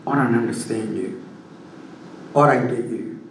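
A man's voice: mid-range voice, measured pace, slight background noise, pitched below the performer's own voice, close to an everyday voice. A man voicing a blunt, mocking male coworker in an echoey room, heard from a distance. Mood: bewildered. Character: grumpy male coworker who teases a colleague.

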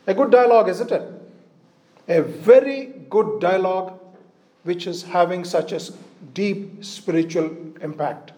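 High-voiced preacher man, mellow tone. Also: echoey room. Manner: asks "isn't it?" tag questions often; reads scripture aloud in a slow, measured way. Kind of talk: sermon with Bible reading.

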